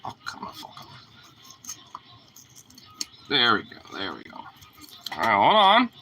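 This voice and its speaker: A man's voice: mid-range voice, wildly swooping pitch, slow pace, bright, forceful tone, slight background noise, poor audio. A young man talking casually to his dog, teasing it, laughing often and swearing freely. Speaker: vlogger.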